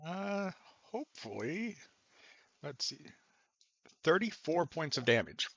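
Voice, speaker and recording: A man's voice: on the high side, very animated, slow pace, a bit bright, breathy edge, dry recording, highs cut off. A man playing a tabletop game, talking in an easygoing, casual way. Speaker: player.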